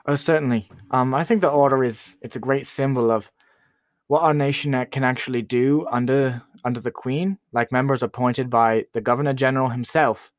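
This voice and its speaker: A man's voice: mid-range voice, steady tone, normal speed, dry recording, clean studio sound, lightly acted. A man playing a boastful, self-important rapper who is a guest on a comedy talk show. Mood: smug. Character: boastful young male Canadian rapper, royalist.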